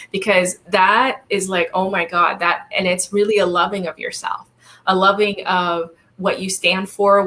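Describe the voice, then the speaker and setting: A woman's voice: fairly low pitch, fairly bright tone. A woman success coach being interviewed on a webinar, talking earnestly and encouragingly, often checking in with "right?".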